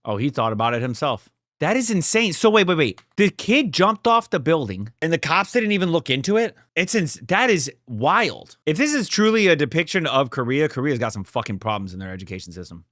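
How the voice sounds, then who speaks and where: This reaction video creator, a young man, has a sing-song voice and a brisk pace as he reacts to a drama series. He swears heavily and goes from loud, heated outbursts to low muttering in a profane, emphatic, casual way. The sound is studio quality with no room sound.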